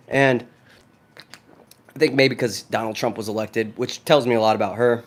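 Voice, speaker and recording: A brash young American man talking casually into his phone, profane and excitable as he answers viewer questions. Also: mid-range voice, moderate pace, pauses often. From United States. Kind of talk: casual vlog talk.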